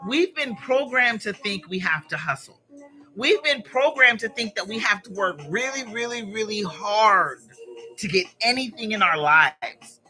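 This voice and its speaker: Woman, chatty encouraging live host, casual motivational talk, bright voice, animated. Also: medium pitch, measured pace, soft background music. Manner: chatty and encouraging, talks straight to viewers. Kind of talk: casual motivational chat while arranging flowers.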